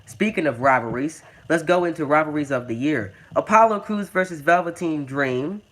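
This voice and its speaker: Stammering young man, excited. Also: a little high, moderate pace. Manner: stammering, repeats words, says dude and man a lot. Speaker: gaming video host. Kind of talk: casual game commentary.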